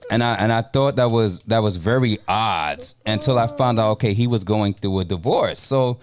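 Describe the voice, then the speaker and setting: A man with a very low, resonant voice tells a story from his old job. He pauses with "um" and restarts now and then, and keeps it conversational. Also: clean tone. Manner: anecdotal, hesitant, with fillers. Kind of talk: casual discussion.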